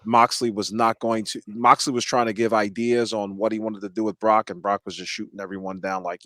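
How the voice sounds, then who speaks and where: Low, laid-back man, dry sound. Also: little pitch movement, fairly quick, hardly any pauses, fairly bright tone, dry recording. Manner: laid-back, wry commentary. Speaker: podcast co-host. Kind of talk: casual chat.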